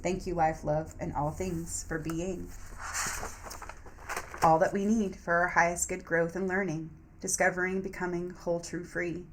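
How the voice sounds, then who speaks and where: Low-voiced woman journaling aloud. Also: unhurried, slight background noise. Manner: affirmations, mixing calm reflection with sudden profane venting. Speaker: spiritual vlogger. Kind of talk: reflective spoken journaling.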